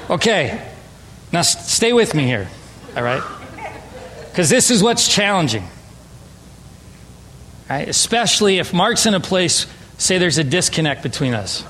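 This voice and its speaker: Casting note: high-voiced male pastor, relaxed and playful sermon delivery, long reverb of a church hall, faint room noise. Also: measured pace, long pauses. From Southern California. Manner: conversational, playful with audience. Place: church sanctuary.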